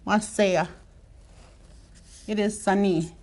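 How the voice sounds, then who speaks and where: A woman teaching a language lesson, repeating each word slowly and clearly for learners to copy. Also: medium pitch, steady tone, a little mellow. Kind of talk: slow classroom language lesson.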